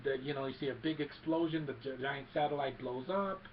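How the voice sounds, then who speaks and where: Speaking a little fast in a mid-range voice, this male film reviewer casually retells a movie's story with obvious eagerness. His recap wanders and restarts, captured on a muffled lo-fi recording with light hiss.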